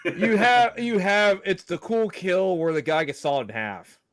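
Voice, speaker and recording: A man's voice: high voice, a little slow, a bit bright, no echo. A man co-hosting a casual horror film chat, recounting scenes wryly. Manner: wry, recounting scenes with mocking quotes. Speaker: podcast co-host.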